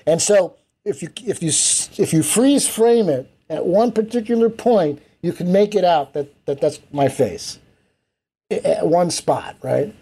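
Warm-voiced man telling a story. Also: high voice, unhurried, slightly rough. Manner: animated anecdotes, acts out quoted voices. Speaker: interview guest, event producer. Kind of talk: storytelling in casual interview.

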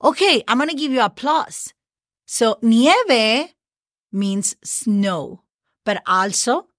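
A woman's voice: medium pitch, fairly bright tone, no room sound, clean studio sound. A woman from northern Mexico, a native Spanish speaker with a Mexican accent, teaching holiday vocabulary in a casual podcast lesson and spelling words out letter by letter. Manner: spells words letter by letter, frequent okays and fillers.

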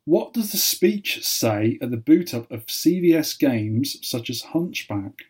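A man hosting a playful quiz, teasing and deadpan. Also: medium pitch, unhurried, slightly rough. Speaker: podcast co-host, quizmaster.

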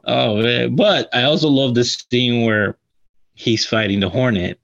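A man's voice: mid-range voice, unhurried, creaky, fairly bright tone. A man co-hosting a casual movie review podcast, laid-back, swearing and laughing as he retells scenes. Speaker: podcast co-host. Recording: slightly dull lo-fi sound.

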